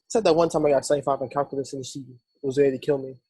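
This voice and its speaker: A man hosting a podcast, telling quick joking anecdotes in casual conversation. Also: medium pitch, steady tone, warm tone, breathy edge, no echo. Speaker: podcast host.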